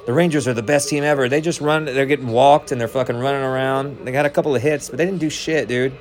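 A man casually commenting on a baseball game as he watches, rambling, joking and swearing, with sudden excited outbursts. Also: medium pitch, quick pace. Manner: rambling, profane, jokey, prone to excited outbursts. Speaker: baseball watch-along streamer.

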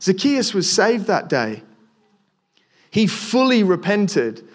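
A man's voice: sits high, very animated, slow pace. A young man preaching a casual sermon, talking to the listeners conversationally with frequent restarts and repeated words.

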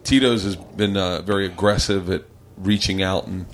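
A man's voice: deep voice, fairly even intonation, normal speed. A man telling crude, profane stories as a comedian guest in a casual podcast chat.

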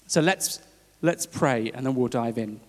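A man preaching a sermon in a conversational, halting way, with fillers and restarts. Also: mid-range voice. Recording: long hall reverb.

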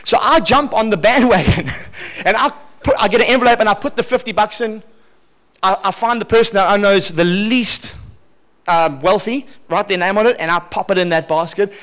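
A male pastor preaching a sermon, telling a personal testimony in a lively, chuckling way and often repeating himself. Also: high voice, moderate pace.

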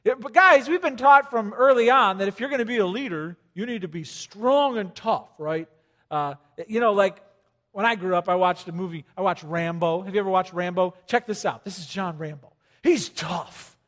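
High-voiced male preacher in a reverberant hall. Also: normal speed. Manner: conversational, joking, rising to loud emphasis. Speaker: pastor. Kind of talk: sermon.

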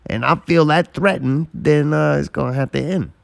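A man's voice: a little high, normal speed, creaky, no echo. A man co-hosting a casual chat, blunt, profane and drawling as he spins a story.

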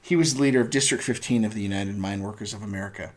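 A man's voice: fairly low pitch, very fast. Joking man chiming in. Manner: joking asides and short interjections. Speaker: podcast co-host. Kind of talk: casual chat.

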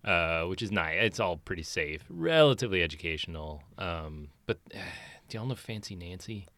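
A man co-hosting a podcast, his lowish voice rising and falling a lot as he tells stories. He sounds wry and exasperated. The recording is close and dry, with no room sound. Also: animated, normal speed, sharp tone, no echo. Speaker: podcast co-host. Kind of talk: casual chat.

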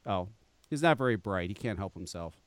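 A man's voice: low-pitched, animated, fairly quick, no room sound. A man hosting a live talk show, ranting angrily and profanely, mocking others in quoted voices.

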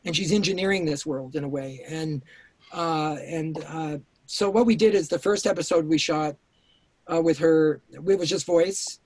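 A man's voice: fairly high pitch, normal speed, a little mellow, dry recording. A man guest on an interview podcast, telling stories intensely, swearing and restarting his sentences, speaking over a remote call. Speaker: writer-director guest. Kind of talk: casual interview storytelling.

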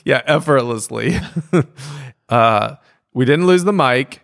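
A male comedian co-hosting a chat, swapping stories with an animated, storytelling manner. His voice carries a gravelly edge at an ordinary middle pitch. He slips into quick character voices for the people in his anecdotes. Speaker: stand-up comedian and podcast co-host.

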